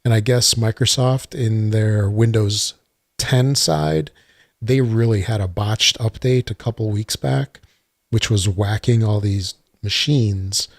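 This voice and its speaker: Gravelly low-voiced man hosting a podcast. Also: fairly even intonation, slow pace, no echo. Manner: rambling, many uhs, dry sarcasm. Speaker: podcast host. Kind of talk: casual solo podcast talk. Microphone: desktop computer mic.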